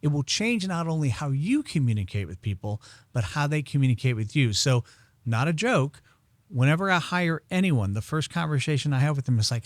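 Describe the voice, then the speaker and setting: Animated male storyteller, dry close mic. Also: fairly high pitch, brisk, dry recording. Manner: animated storyteller, acts out quoted dialogue. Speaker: podcast guest, incense expert. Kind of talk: conversational interview storytelling.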